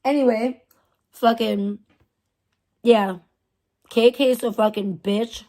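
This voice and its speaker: A woman's voice: on the high side, fairly even intonation, slow, dark tone. Profane, scornful woman ranting on a livestream. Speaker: livestream host.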